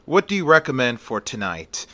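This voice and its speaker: A man's voice: medium pitch, sing-song, normal speed, pushed and bright. A man voicing a polite, earnest young man who speaks plainly and courteously.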